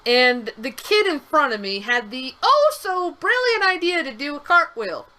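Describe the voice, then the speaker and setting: Bright, animated young woman telling stories. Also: sits high, unhurried, poor audio. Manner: animated storyteller, rambling with restarts and swearing. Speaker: streamer co-host. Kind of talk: casual chat over a game stream.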